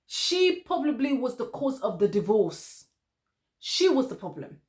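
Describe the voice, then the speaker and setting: A woman's voice: on the high side, very animated, a little slow, darkish tone. A woman reviewing a reality dating show, lecturing one cast member directly and repeating her points for emphasis.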